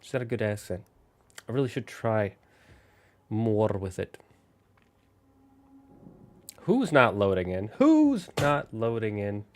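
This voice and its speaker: A man with a lowish voice speaks slowly, with long pauses, while playing a video game live. He chats in a loose, rambling way, speaking directly to his viewers.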